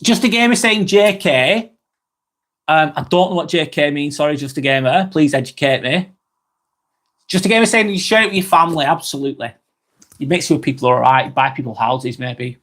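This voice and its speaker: A man's voice: a little high, a little fast, fairly bright tone. A man hosting a live stream, reading viewers' comments aloud and chatting back in a casual, rambling way. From England.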